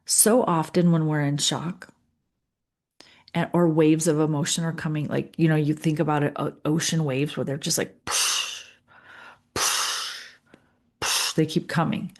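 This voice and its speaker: A middle-aged woman leading a guided coaching session, calm and earnest, repeating phrases with pauses. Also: low voice. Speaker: leadership coach.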